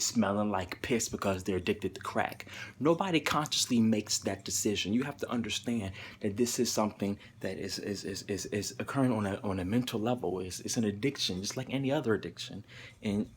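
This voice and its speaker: A man's voice: lowish voice, a little hiss or hum. A young man telling a personal story straight to his camera, emphatic and profane, and he repeats words when he gets worked up. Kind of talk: confessional vlog to camera. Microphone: camera mic.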